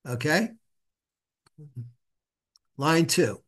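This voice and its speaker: A middle-aged man with a somewhat high voice tutors a student in Hebrew reading. He talks casually and patiently, drawing out syllables and repeating them so they can be echoed back. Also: animated, drawn-out words, a bit bright, breathy edge. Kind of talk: casual one-on-one reading lesson.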